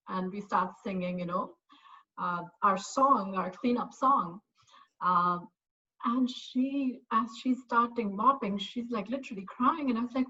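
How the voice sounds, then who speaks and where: Bright-voiced mother sharing a testimonial. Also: medium pitch, measured pace, lo-fi sound. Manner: casual and reflective, with many fillers. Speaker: parent and course graduate. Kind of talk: personal testimonial.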